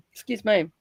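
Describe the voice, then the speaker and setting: A woman's voice: a little high, darkish tone, husky, no echo. A middle-aged Australian woman in casual chat on a livestream, rambling and chatty, with lots of fillers and frequent laughter. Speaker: livestream guest.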